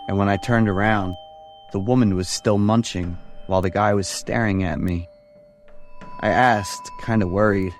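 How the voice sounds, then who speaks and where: A man in his thirties telling a scripted first-person horror story in a casual, slangy way. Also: deep voice. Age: 30s. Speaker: narrator. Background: background music.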